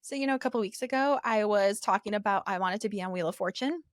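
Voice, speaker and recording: A woman's voice: medium pitch, fast, noisy background. A woman co-hosting a podcast, chatting casually in an upbeat, playful way and laughing easily. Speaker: podcast co-host. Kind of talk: casual chat.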